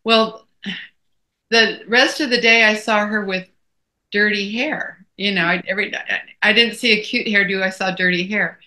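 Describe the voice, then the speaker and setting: A woman's voice: medium pitch, fairly even intonation, moderate pace, bright, forceful tone. A middle-aged woman co-hosting a casual chat, telling folksy stories. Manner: folksy storytelling. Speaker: co-host.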